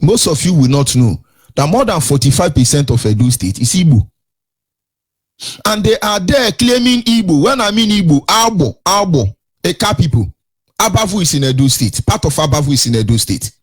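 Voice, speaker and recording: Husky Nigerian man, indignant radio host. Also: fairly high pitch, expressive, moderate pace. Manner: indignant, repeats phrases and rhetorical questions, sing-song lilt. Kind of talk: impassioned radio commentary.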